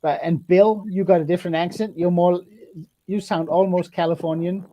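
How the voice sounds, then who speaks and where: A man's voice: sits high, steady tone, normal speed, lo-fi sound. A man in a casual group chat over a video call, stammering and repeating words as he starts a point. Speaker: chat participant.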